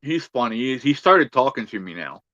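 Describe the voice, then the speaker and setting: A man's voice: medium pitch, big pitch swings, brisk, bright, forceful tone, no room sound, dull audio. Easygoing man hosting a livestream. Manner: easygoing, chatty, reads out viewer comments. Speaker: livestream host. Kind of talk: casual livestream chat.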